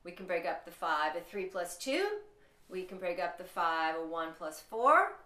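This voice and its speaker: A woman's voice: on the low side, animated, normal speed, sharp tone. A woman teaching a rhythm lesson, who explains patterns and chants counted syllables aloud. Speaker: music teacher. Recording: echoey room.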